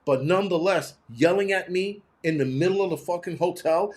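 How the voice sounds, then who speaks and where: Man, show host, casual monologue, blunt and cussing, slightly high voice. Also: brisk, hardly any pauses. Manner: blunt, profane, animated storytelling.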